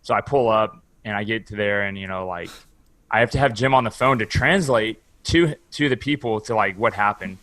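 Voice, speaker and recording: A man's voice: fairly low pitch, a little fast, a bit bright. A man from Houston, Texas, a podcast guest telling a long story in casual chat, swearing freely, filling his talk with "like" and acting out what people said. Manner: rambling, profane, heavy use of "like"; acts out quoted dialogue.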